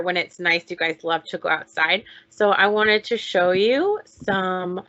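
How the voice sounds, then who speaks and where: A woman teaching young children online, talking slowly in a sing-song way as she leads chants, songs and counting. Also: on the low side, pushed and bright, muffled recording. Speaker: preschool teacher.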